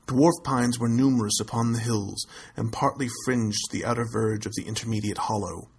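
A man narrating a classic tale aloud in a measured, steady storytelling manner. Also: mid-range voice, breathy edge, low-quality recording. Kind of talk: audiobook reading of a classic tale.

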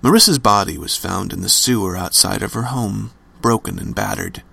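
Gravelly male horror storyteller. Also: fairly low pitch, normal speed, bright, forceful tone. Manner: dramatic storytelling, varied emphasis. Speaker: narrator. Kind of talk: scripted horror story narration.

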